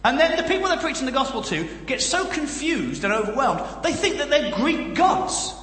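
A man with a generic Northern English accent delivers a comic sermon, full of jokes and storytelling. His voice is high and bright. It rings out with a long hall echo around it. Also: moderate pace. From Northern England. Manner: jokey, storytelling, lively asides. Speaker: guest preacher and comedian. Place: church.

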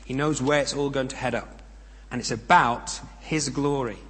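A man preaching a sermon. He speaks in a measured, emphatic way, with pauses and rhetorical questions. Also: mid-range voice, fairly even intonation, a bit bright. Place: church. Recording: long reverb of a church hall.

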